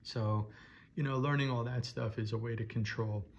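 A man's voice: medium pitch, steady tone, moderate pace, slight background noise. A man rants frankly to camera in a loose, repetitive vlog monologue. He piles one thought onto the next and keeps circling back to the same point. The audio is a little dull and lo-fi. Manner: frank, repetitive, runs on with "and then". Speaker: vlogger. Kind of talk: casual monologue rant.

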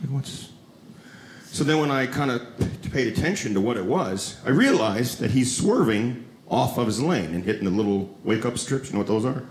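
A man doing a stand-up comedy set on a club stage, telling stories with animated delivery and high shouted quotes. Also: moderate pace, roomy sound. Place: comedy club stage before a live audience.

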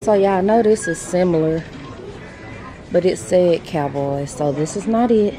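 A young woman, talking to a handheld phone camera in an animated, outspoken vlog, cursing freely. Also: on the low side, measured pace. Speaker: vlogger. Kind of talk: casual vlog chat. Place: in stores and a car. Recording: background noise from stores and car. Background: store and car noise.

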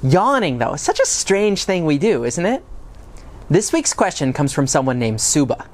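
A man presents a science lesson for children, speaking outdoors with a lively, widely swinging pitch. He keeps the tone animated and often turns questions back to the viewer. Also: moderate pace. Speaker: science educator host. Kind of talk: educational video lesson for kids. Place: outdoors by trees.

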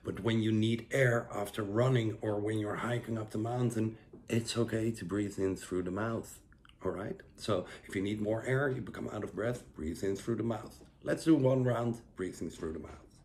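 A man giving a relaxed, rambling guided breathing lesson, full of fillers and restarts. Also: on the low side, normal speed, slight background noise. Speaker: breathwork instructor.

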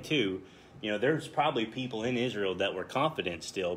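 Low-voiced man leading a casual Bible study. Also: a bit bright, slight background noise. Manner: conversational, self-deprecating, chuckles often.

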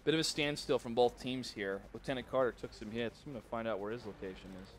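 A man casting a live esports match, chatty and easily excited, jumping up loud when surprised. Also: mid-range voice, fast talker, a little hiss or hum. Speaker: esports caster. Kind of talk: esports play-by-play commentary.

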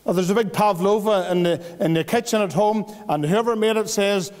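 Northern Irish man preaching, earnest and pleading, higher voice, long church reverb. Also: moderate pace, a little mellow. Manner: earnest, pleading, with homely everyday examples. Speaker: visiting preacher. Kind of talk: evangelistic church testimony preaching. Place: church hall.

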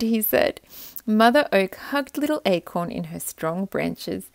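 Expressive woman reading a children's story. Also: mid-range voice, a little slow, creaky, no echo. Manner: expressive, gentle. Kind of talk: children's storybook read-aloud.

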